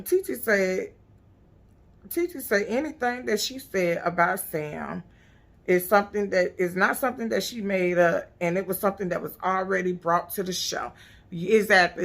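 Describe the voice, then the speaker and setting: A woman recapping a reality show in a blunt, profane, animated casual rant. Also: mid-range voice, vocal fry.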